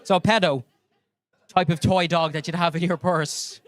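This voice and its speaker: A man's voice: a little high, moderate pace, a faint crowd. A man doing a crude stand-up comedy set on a club stage, acting out voices. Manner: crude, animated, acts out voices.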